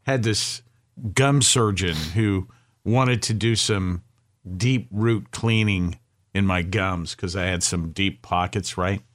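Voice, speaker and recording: A man co-hosting a casual chat show, chatty and quick to laugh. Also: sits low, fairly bright tone. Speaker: podcast co-host.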